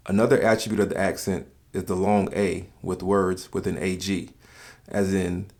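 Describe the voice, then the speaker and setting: Deep-voiced man narrating. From Southern United States. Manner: calm, measured, explanatory. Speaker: countdown video narrator. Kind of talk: scripted voice-over narration.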